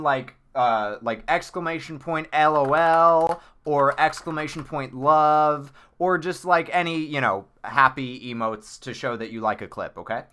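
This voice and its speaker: A man hosting a live-stream clip tournament in casual chat, excitable and rambling with lots of fillers. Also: on the high side.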